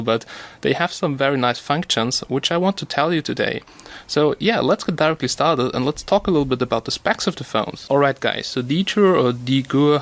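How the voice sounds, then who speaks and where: رجل يتحدث بعفوية في فيديو فتح صندوق. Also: male voice, medium pitch, fairly bright tone. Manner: chatty, loose, thinks aloud with fillers. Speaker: tech video host. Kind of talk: casual unboxing talk.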